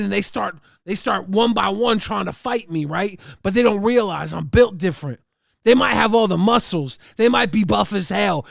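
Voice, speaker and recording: A man's voice: high-pitched, creaky, fairly bright tone, no room sound, clean studio sound. A man hosting a livestream, telling a boisterous, profane, exaggerated comic story to his chat. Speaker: livestream host.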